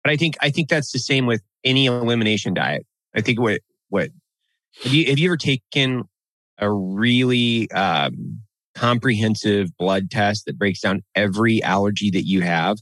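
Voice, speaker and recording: A man talking bluntly and with a lot of swearing in a casual podcast chat, getting animated when he rants. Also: lowish voice, normal speed, no room sound.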